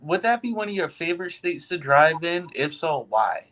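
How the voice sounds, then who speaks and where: A man's voice: on the high side, animated, normal speed, fairly bright tone, rough recording. A man co-hosting a casual trucker chat, joking around and laughing often.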